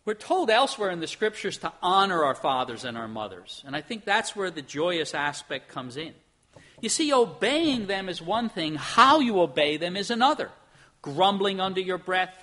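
A middle-aged man preaching a sermon in an earnest, emphatic way, moving between soft and loud. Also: high-pitched. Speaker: pastor.

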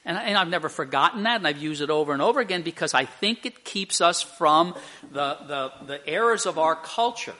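A man's voice: fairly high pitch, animated, a little fast, sharp tone. An older man preaching a sermon, telling a story earnestly and acting out the people in it. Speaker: pastor.

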